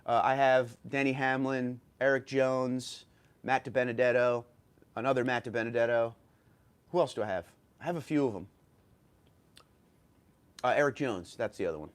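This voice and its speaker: A man's voice: mid-range voice, steady tone, normal speed, long pauses. Chatty New York man hosting a livestream. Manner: chatty, thinking aloud with fillers and restarts. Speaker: livestream host. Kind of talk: casual livestream chat reading viewer comments.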